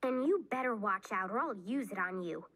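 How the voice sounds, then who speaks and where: A woman's voice: mid-range voice, expressive, moderate pace, fairly bright tone. A woman reading aloud, voicing a serious young girl who plays at being a witch, earnest and a bit bossy. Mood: defiant.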